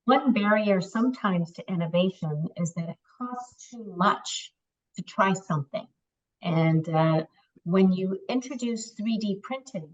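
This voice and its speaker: A woman on an industry panel, explaining in a measured way. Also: medium pitch. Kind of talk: explaining technology. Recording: dull distant mic.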